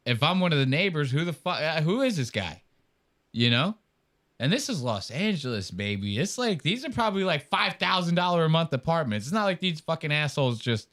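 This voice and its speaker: A man, a podcast host, chatting casually and retelling scenes with acted-out quotes. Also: a little high. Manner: animated storytelling with acted-out quotes and laughs. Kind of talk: casual chat reacting to clips.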